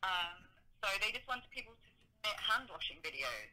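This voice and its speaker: A British woman talks casually as a guest on an interview show. Her voice is strikingly bright and her speech loose and chatty, full of filler words. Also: mid-range voice, sing-song, moderate pace, poor audio. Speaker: podcast guest.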